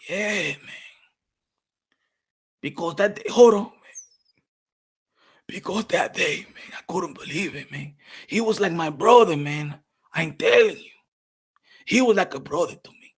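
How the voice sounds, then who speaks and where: Brief: a man putting on a loud, boastful older Puerto Rican party guy, high-pitched, mixing Spanish in. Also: vocal fry, husky, exaggerated voice. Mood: hushed. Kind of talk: comedic character bit.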